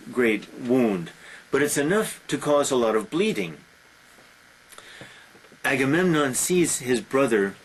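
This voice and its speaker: A male teacher with a husky voice at a middle pitch walks his students through an old epic. He talks conversationally, often pausing on filler sounds between phrases. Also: low-quality recording. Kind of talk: classroom lecture retelling a story.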